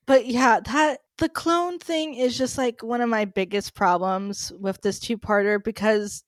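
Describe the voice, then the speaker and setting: Young woman, podcast co-host, smooth and clear, close dry mic, gushy and giggly. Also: mid-range voice, unhurried, few pauses, no room sound. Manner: gushing, laughs often. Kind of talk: casual chat.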